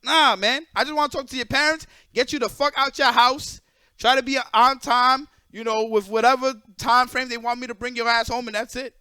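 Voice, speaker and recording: A young man streaming live, ranting bluntly and profanely in a casual, animated way. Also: very high voice, fairly quick, clear, resonant tone, no room sound. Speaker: streamer and event organizer. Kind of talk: casual livestream rant.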